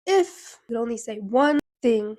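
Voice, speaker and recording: A woman's voice: a little high, expressive, normal speed. A young woman hosting a casual interview with her grandmother, asking questions and cheering her on. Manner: warm, encouraging interviewer. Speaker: podcast host and grandchild. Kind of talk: casual chat.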